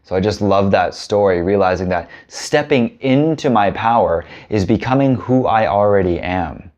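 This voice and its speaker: A man's voice: fairly low pitch, expressive, normal speed, darkish tone, lo-fi sound. A man hosting a self-help video, giving an earnest, musing talk and telling stories in a casual way. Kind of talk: reflective spoken talk with storytelling.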